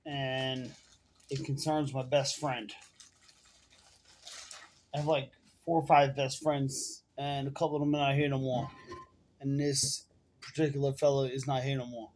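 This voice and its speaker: A man's voice: mid-range voice, little pitch movement, a little slow, pauses often, darkish tone, a little hiss or hum. Profane, rambling man telling a story. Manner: rambling, profane street slang. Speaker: vlogger. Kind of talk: casual storytelling to camera. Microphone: phone camera.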